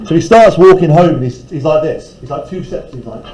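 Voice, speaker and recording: A man's voice: on the high side, fairly quick, a little mellow, slight background noise, low-quality recording. A male teacher reading a novel aloud in a classroom and breaking off to explain it in casual terms. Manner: reads aloud, then paraphrases casually.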